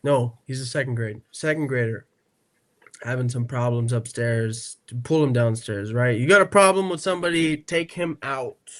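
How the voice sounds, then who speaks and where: A man's voice: mid-range voice, normal speed. A man telling stories on a casual podcast, acting out the people in them and tagging lines with "right?" and "okay?". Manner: animated storyteller who acts out quotes; peppers speech with "right?" and "okay?". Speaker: podcast co-host.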